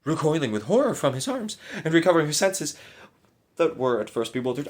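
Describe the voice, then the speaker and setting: A man narrating a gothic story aloud in a measured, dramatic storytelling manner. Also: fairly high pitch, sing-song.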